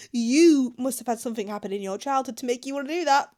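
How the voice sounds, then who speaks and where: A woman's voice: a little high, a little fast, a little mellow. A young British woman reacting to online confessions in casual, blunt commentary, swearing freely. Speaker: YouTuber.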